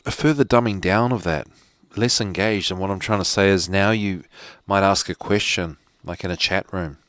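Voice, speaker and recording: A man's voice: deep voice, steady tone, moderate pace, a bit bright, no echo. A man hosting a live show from home, rambling casually with joking asides. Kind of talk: casual rambling livestream talk.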